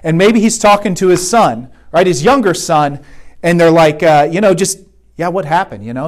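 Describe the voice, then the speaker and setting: A man's voice: high-pitched, normal speed. A man giving a conversational sermon at a retreat, often checking in with "right?". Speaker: retreat speaker. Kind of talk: sermon talk.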